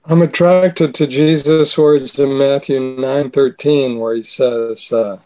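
A man in a Bible discussion, quoting a verse slowly and deliberately. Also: medium pitch, steady tone, darkish tone.

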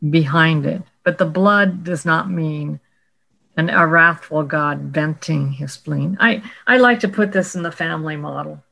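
Gravelly-voiced woman teaching scripture. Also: deep voice, sharp tone, rough recording. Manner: explanatory, quotes scripture slowly, some restarts. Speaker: Bible teacher in discussion. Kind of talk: casual scholarly discussion.

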